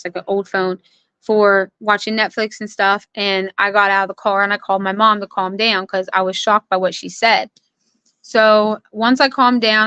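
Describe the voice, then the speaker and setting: A woman's voice: medium pitch, pushed and bright, smooth, no room sound. A young adult woman, an interview guest, earnestly recounting personal events and quoting what others said. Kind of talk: personal account in conversation.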